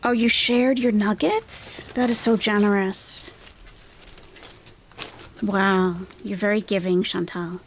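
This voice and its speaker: A woman's voice: mid-range voice, fairly even intonation, slow pace, long pauses, a little hiss or hum. A woman hosting a live-stream reaction, making sarcastic, mocking asides about the person on screen. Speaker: reaction channel host.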